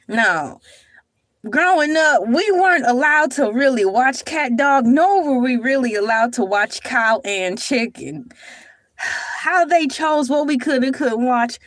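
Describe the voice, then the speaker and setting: A young woman hosting a casual morning livestream, playful and animated as she talks to her chat. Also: fairly high pitch, no echo. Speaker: livestream host.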